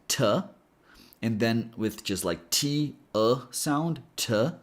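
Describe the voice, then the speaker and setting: Slow, careful male accent coach. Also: medium pitch, darkish tone. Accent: American. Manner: slow, careful, demonstrating sounds. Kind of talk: pronunciation lesson.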